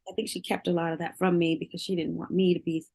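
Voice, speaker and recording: A middle-aged woman with a fairly low voice talks openly and with feeling as an interview guest. She often repeats her words and breaks into laughter, and her speech runs candid and heartfelt. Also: level tone, fast talker, gravelly, mellow, breathy edge.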